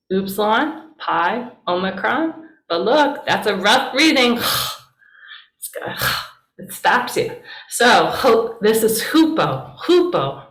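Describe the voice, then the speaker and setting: Slow-talking woman pastor teaching in an echoey room. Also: mid-range voice. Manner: chatty and encouraging, with many fillers. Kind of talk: casual classroom teaching. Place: church meeting room. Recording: roomy echo.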